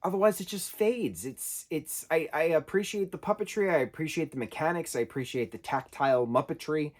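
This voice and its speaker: A man's voice: on the high side, brisk. A man giving a casual spoken film review, talking loosely and correcting himself as he goes. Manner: conversational, self-correcting, loosely rambling.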